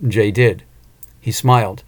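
A man narrating an audiobook, expressive, with an occasional small restart. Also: on the low side, slow.

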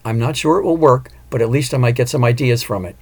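A man's voice: medium pitch, quick pace, lightly acted. A man voicing a vengeful female ghost who talks curtly and impatiently, in an audiobook. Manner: curt, impatient, demanding. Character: angry vengeful female ghost, young woman.

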